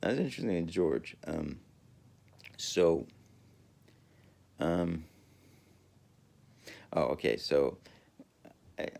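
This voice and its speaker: A man rambling through a casual monologue, halting often with fillers and restarts and chuckling as he talks. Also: deep voice, very animated, creaky, a little mellow. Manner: chuckles while talking. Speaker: podcaster.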